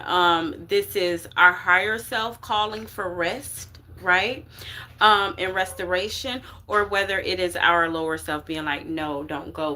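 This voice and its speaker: A woman's voice: fairly low pitch, bright, forceful tone. A woman giving a casual spiritual reading to viewers, slangy and emphatic, often checking in with her listeners. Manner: slangy and emphatic, checks in with "okay?" and "you get what I'm saying?". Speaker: spiritual reader.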